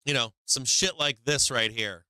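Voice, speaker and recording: A man's voice: mid-range voice, normal speed, smooth, no echo. A man hosting a live stock trading show, swearing freely, laughing often and acting out what the market will do. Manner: profane, animated, laughs often, acts out the market. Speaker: livestream trading show host.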